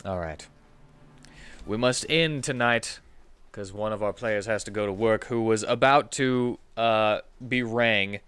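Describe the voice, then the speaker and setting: A man narrating a tabletop game as dungeon master, animated and halting, with restarts. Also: on the low side, clear, resonant tone, no room sound.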